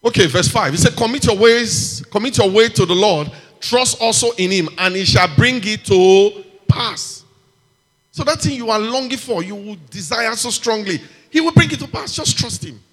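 A man preaching with a high, ringing voice in a large church hall, where a long reverb trails every phrase. He reads scripture aloud, then swings up loudly to call out amens and hallelujahs. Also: expressive, normal speed. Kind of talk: sermon.

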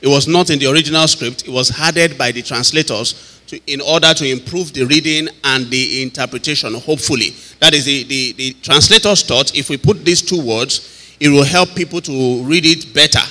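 A man's voice: on the high side, moderate pace, pushed and bright, big-room sound. A man teaching a Bible study as a pastor, talking conversationally, laughing often and asking listeners if they follow.

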